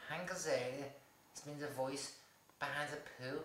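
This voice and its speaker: A man's voice: a little high, moderate pace, a crowd in the background, lightly acted. A man putting on a brash mocking Liverpool guy. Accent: put-on Liverpool. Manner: exaggerated, jokey. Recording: echoey room with noise.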